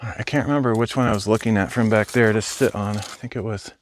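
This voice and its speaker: A man's voice: on the low side, fairly even intonation, quick pace, a little hiss or hum. A young adult man live streaming while hiking outdoors, chatting casually and thinking aloud as he answers viewers. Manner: rambling, thinking aloud, replies to chat. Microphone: phone.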